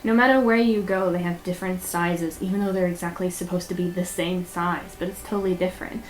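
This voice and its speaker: A woman's voice: lowish voice, steady tone, fairly quick. A young woman in a personal vlog, talking candidly and a bit rambling, with frequent fillers and nervous laughs. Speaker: vlogger.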